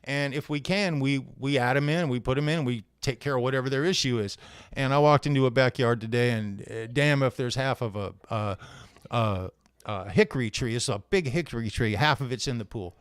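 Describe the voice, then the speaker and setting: In clean, dry studio sound, a man with a medium-pitched, clear, resonant voice speaks briskly. Hosting a casual live show, he greets viewers one by one, laid-back and friendly, but sounds worn out from heavy physical labor.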